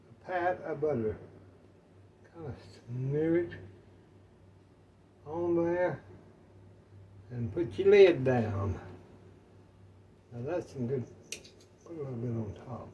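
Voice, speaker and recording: A man's voice: on the high side, warm tone, distant mic, slight background noise, poor audio. An older man, chatting in a folksy, rambling way while cooking in his home kitchen. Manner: folksy, rambling, talks to viewers as y'all. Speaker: cooking vlogger. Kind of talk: casual home cooking chat.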